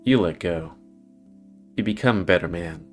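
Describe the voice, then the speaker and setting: A man voicing a gruff older father in a visual novel, talking low and slow with a dry drawl. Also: soft background music, close to an everyday voice.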